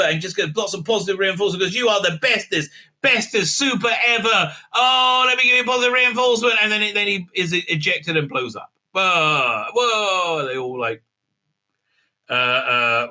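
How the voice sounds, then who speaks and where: Scornful bright-voiced man reviewing. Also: fairly high pitch. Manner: scornful, mocking, lots of fillers and restarts. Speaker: TV show reviewer. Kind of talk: casual video review commentary.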